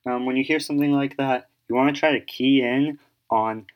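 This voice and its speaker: A man's voice: mid-range voice, fairly even intonation, moderate pace, muffled recording. A man explaining an idea in casual, rambling talk, full of fillers and restarts as he thinks aloud. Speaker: solo speaker giving advice.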